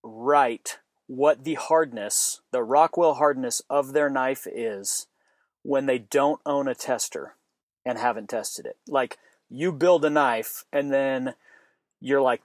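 A man's voice: medium pitch, slow pace, dry recording, clean studio sound. An American man, a knife maker on a podcast, ranting in a fired-up, profane way. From United States. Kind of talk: casual podcast chat.

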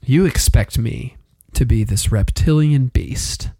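A man's voice: mid-range voice, slow, mellow, slightly rough, dry recording, studio quality. A man voicing an indignant, bookish male dragon who lectures self-importantly in an improvised storytelling game. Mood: haughty.

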